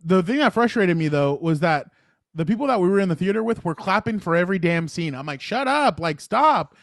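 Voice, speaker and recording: A man co-hosting a casual sports podcast, telling stories in an animated way and laughing easily, recorded on a close podcast mic. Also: high-pitched, no room sound. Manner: animated storyteller, quick to laugh. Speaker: podcast co-host.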